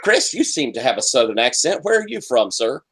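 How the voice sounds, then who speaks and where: A friendly, enthusiastic man from South Carolina chats as a player in a tabletop game. His voice sits at an average pitch for a man, and he often slips in "you know" as he describes his moves. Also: big pitch swings, fairly quick, a bit bright, slightly rough. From South Carolina, USA. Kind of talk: casual chat at a tabletop game.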